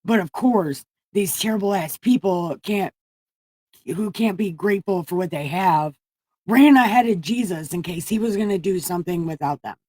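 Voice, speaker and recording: A woman's voice: on the low side, lively intonation, normal speed, warm tone, no room sound. Profane rambling woman livestreamer. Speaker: livestream host. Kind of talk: irreverent casual Bible retelling. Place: room at home.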